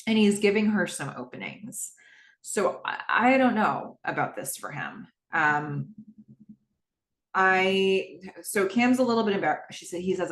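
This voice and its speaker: A woman talks through a TV scene in casual podcast style, chatty and full of fillers and exasperated asides. Her voice sits a little low. The recording has a noticeably roomy echo. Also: expressive, unhurried, fairly bright tone. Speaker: podcast host recapping a TV episode. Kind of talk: casual solo recap, reading out scenes.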